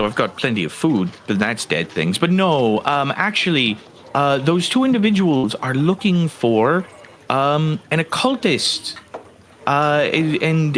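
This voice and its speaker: A man's voice: medium pitch, fairly bright tone, slight background noise, pitched above the performer's own voice. A man voicing an overly friendly satyr who stammers and apologizes as he talks. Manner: fumbling and apologetic, trailing off. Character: eager, overly friendly satyr with goat eyes.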